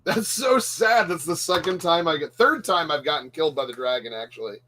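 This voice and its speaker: A man streams retro games live, chatting casually as he plays, joking about himself and laughing frequently. The rough recording captures a fairly high-pitched voice that's expressive, brisk, bright and forceful.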